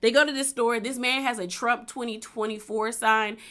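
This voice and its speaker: A woman's voice: a little high, fairly even intonation, normal speed, sharp tone. A young woman casually recapping a reality show, chatty and laughing often, with plenty of filler words. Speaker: recap vlogger.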